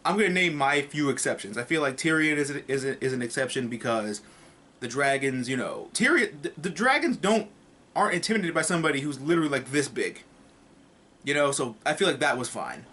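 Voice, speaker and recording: A man's voice: mid-range voice, big pitch swings, fairly quick, sharp tone, husky. A man casually reviewing a TV episode in a vlog, rambling, swearing and tossing in jokes. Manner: rambling and profane, with joking asides.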